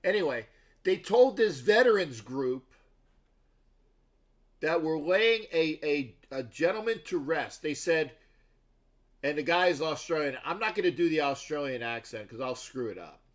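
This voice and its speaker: A man with a somewhat high, animated voice, speaking a little slowly, hosts a sports show livestream. He chats loosely with viewers and drifts from story to story, often restarting sentences and breaking off into asides.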